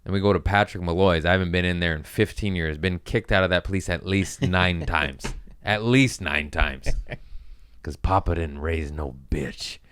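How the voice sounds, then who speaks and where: A man hosting a podcast, telling profane, self-mocking stories in a casual comedic way and jumping into animated voices for the people in them. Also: sits low, moderate pace, clear, resonant tone, dry recording. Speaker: podcast host.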